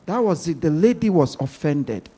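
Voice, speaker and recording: A man's voice: a little high, very animated, normal speed, warm tone, husky. A man preaching a sermon as pastor, emphatic and repeating words as he presses his points.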